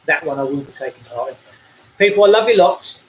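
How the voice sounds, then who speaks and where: A man's voice: fairly high pitch, expressive, a little fast, slight background noise, poor audio. An out-of-breath Englishman, delivering a blunt, preachy livestream rant while cycling outdoors, speaking into a phone.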